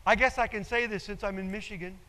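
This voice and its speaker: An older male pastor with a high voice preaches emphatically, driving home his points by repeating them. His sermon rings out with a long reverb in a large church hall. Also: fairly even intonation, fast, bright, forceful tone. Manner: emphatic, repeats key phrases.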